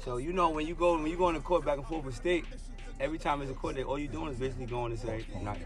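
Fast-talking man telling stories. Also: fairly high pitch. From Jersey City, New Jersey. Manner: animated, slangy storytelling with acted-out quotes. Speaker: guest. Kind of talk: storytelling interview.

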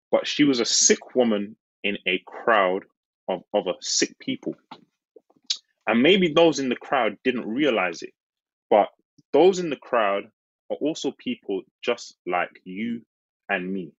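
A man preaching a sermon, earnest and lively, slowing on key phrases. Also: breathy edge, no room sound, lo-fi sound. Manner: earnest, slows on key phrases, laughs and jumps high acting out the disciples.

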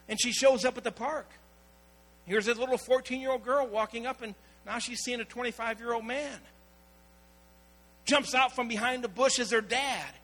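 A man preaches a sermon, his voice pitched very high and bright. He tells stories and acts out the people in them. A faint electrical hum sits under the recording. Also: normal speed, low-quality recording. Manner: storytelling preacher, acting out quoted voices. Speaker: pastor.

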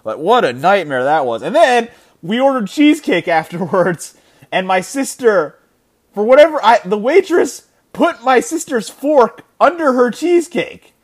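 A man of thirty hosting his own sports podcast from home, telling stories in a lively, rambling way with many restarts. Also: sits high, unhurried. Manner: animated storytelling, many restarts and filler words. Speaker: podcast host. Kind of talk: casual solo sports podcast chat. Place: his house.

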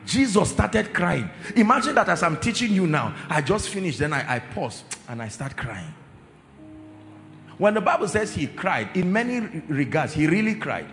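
Male preacher, lively pitch, emphatic and drawn out, long hall reverb, faint music underneath. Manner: emphatic, drawn-out repetitions, asks the congregation questions. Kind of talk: sermon.

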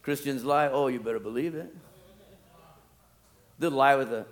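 A man preaching a sermon, acting out scripture scenes and then dropping to quiet, wry asides. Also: expressive, unhurried, gravelly, pauses often. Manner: dramatic, swings from loud acted-out pleading to low asides.

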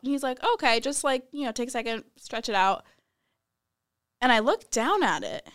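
Young woman, slightly high voice, animated casual storyteller who laughs and acts out quotes. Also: moderate pace. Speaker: guest telling a story.

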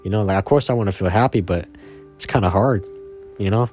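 A man's voice: lowish voice, fairly quick, a little mellow, faint music behind. A man in his twenties telling a personal story casually, rambling and slangy, with lots of fillers. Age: 20s. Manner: rambling and slangy, full of "man" and "you know".

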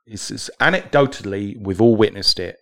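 A man's voice: fairly low pitch, normal speed, fairly bright tone. A man with a British accent, co-hosting a podcast, reading out news headlines and joking about them in casual banter. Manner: jokey, reads headlines aloud. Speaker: podcast co-host.

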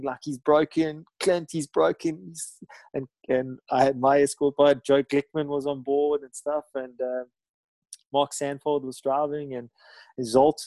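A man's voice: mid-range voice, mellow, no echo, rough recording. A middle-aged man telling a story in a rambling way, full of fillers and restarts. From South Africa. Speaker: guest, ocean ski paddler. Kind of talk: casual storytelling.

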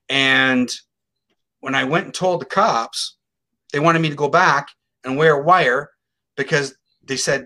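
Emphatic middle-aged man telling a story. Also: fairly high pitch. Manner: animated, emphatic, acts out quotes. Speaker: guest psychic telling a case story. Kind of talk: casual storytelling interview.

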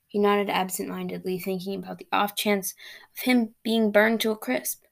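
A woman's voice: medium pitch, flat delivery, normal speed, gravelly. A young woman hosting a podcast, casually introducing and then reading aloud her own fantasy story.

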